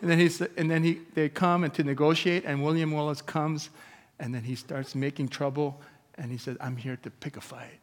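A man preaching a sermon as pastor, energetic and emphatic, with casual asides to the congregation. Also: fairly high pitch, normal speed, slight background noise. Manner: energetic preaching, rising to loud emphatic peaks; conversational asides with chuckles to the congregation. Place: church sanctuary. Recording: long reverb of a church hall.

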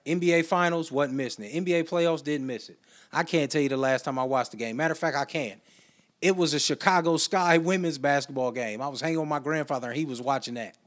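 A man's voice: fairly high pitch, fairly bright tone. A man hosting a casual solo podcast, telling stories in a loose, chatty way with slang and asides. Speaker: podcast host.

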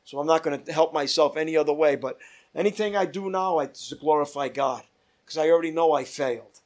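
A man leading a Bible study as pastor, reading scripture aloud with emphatic rises and dropping to quiet asides. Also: on the high side, fairly quick.

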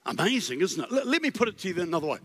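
A man preaching as a guest, animated and full of rhetorical questions and stammered restarts, in a church. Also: high-pitched, very fast. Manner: animated, storytelling with acted voices. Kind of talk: sermon. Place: church sanctuary. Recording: long reverb in a large hall.

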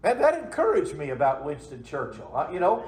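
A man preaching a Sunday evening sermon, with a fairly high voice. He talks in a folksy way and keeps asking the congregation to answer him. The sound rings in an echoey church sanctuary. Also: huge pitch swings, a little fast, darkish tone. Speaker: pastor.

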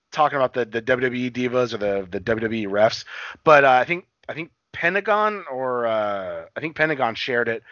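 A man co-hosting a casual chat, retelling things in a rambling, profane, animated way. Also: mid-range voice, dry recording, lo-fi sound. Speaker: podcast co-host.

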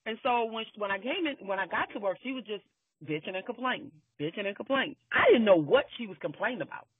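A man's voice: sits high, animated, fast, husky, dry recording. A man telling a workplace story in casual chat, emphatic and swearing freely, often repeating his phrases. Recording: tinny phone-like line.

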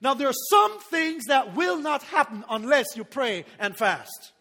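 A man preaching a sermon as pastor, animated, laughing often and calling for responses from the congregation. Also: very high voice, measured pace, creaky, long reverb tail.

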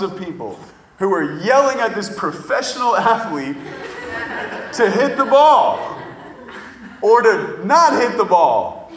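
A man preaching a sermon, telling stories in an animated way and drawing out words for emphasis. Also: high voice, reverberant, slight background noise, low-quality recording. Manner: animated storytelling with drawn-out emphasis.

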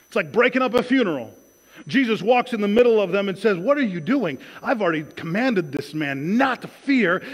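A man preaching a sermon in a conversational, animated way, acting out quoted dialogue. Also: sits high, long reverb tail, low-quality recording.

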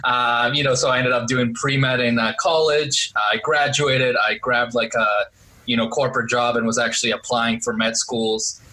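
This is a male interview guest with a bright, mid-pitched voice. He tells his story in a relaxed, easygoing way, full of "you know" and "um." The sound comes through a remote call. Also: normal speed, low-quality recording. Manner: relaxed storyteller, many fillers. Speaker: podcast guest, real estate investor. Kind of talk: casual interview chat. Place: Boston area.

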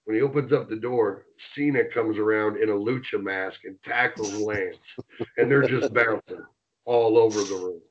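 Low-voiced man telling a rowdy story. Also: moderate pace, lo-fi sound, slight background noise. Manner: animated, swears, acts out quotes. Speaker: interview guest, former wrestler. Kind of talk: casual storytelling.

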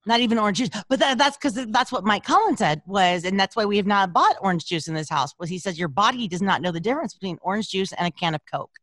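A woman's voice: medium pitch, lively intonation, quick pace, hardly any pauses, fairly bright tone, dry recording. Candid, chatty woman hosting a podcast. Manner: candid, chatty, self-deprecating, swears freely. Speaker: podcast host. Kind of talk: casual recovery podcast chat. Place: at home, recording remotely. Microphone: broadcaster board mic.

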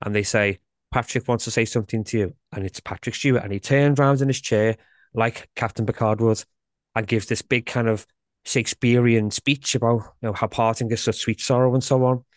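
A man hosting a casual podcast chat, playful and quick to restart his sentences. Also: medium pitch, fairly even intonation, dry recording, clean studio sound. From Yorkshire, England. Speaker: podcast host.

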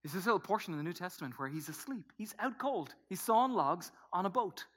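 A man preaching a sermon to a congregation, swinging from hushed whispers to loud emphatic bursts. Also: high voice, lively intonation, fast. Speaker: pastor.

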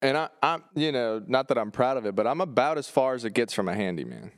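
A man's voice: mid-range voice, sing-song, fast talker, no room sound, studio quality. A man co-hosting a podcast, chatting casually in a joking, self-deprecating way. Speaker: podcast co-host.

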